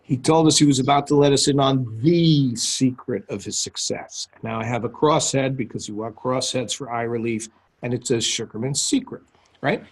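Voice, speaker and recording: A man's voice: medium pitch, breathy edge. A man teaching copywriting on a group call, talking conversationally and often checking in with his listeners. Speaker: copywriting coach. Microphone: call audio.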